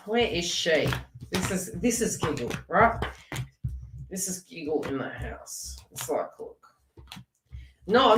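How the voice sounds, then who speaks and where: A woman's voice: medium pitch, recorded from a distance. Chatty woman giving a tarot reading. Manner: chatty, animated, laughs often and talks to viewers in chat. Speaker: tarot reader. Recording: echoey room, away from the mic.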